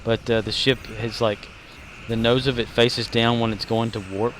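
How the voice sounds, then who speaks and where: This Southern man's mid-range voice is fairly bright and flat, moving at a moderate pace with slight noise behind it. He's streaming a game, chatting loosely and jokingly with plenty of filler words.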